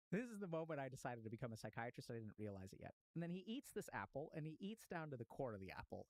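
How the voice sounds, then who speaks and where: A man, a psychiatrist, telling a story in a casual, animated way, with slang and swearing. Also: on the high side, dry recording, rough recording.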